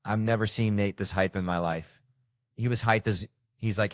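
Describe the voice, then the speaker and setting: Male comedian on stage, somewhat low pitch, dry close sound, animated storytelling, sudden shouts. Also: normal speed, no room sound. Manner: animated, jumps into loud shouted impressions. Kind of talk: stand-up storytelling. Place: stage before a live audience.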